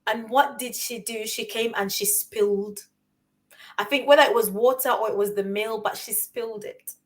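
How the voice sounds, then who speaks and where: A woman co-hosting a conversation, telling a story in an animated way and asking rhetorical questions. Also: on the high side, normal speed. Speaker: co-host.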